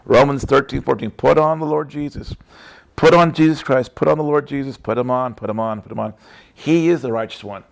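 A man's voice: medium pitch, a little fast, vocal fry. A man giving a casual Christian testimony talk, emphatic and repetitive, often tagging his sentences with "right?". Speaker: Christian speaker.

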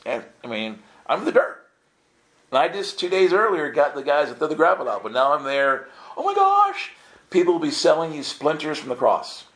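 A man tells stories to a group with lively comic timing. He acts out the voices in his stories and jumps into high, excited outbursts. His voice has a medium pitch and the room around him echoes. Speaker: speaker telling stories to a group. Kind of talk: animated storytelling.

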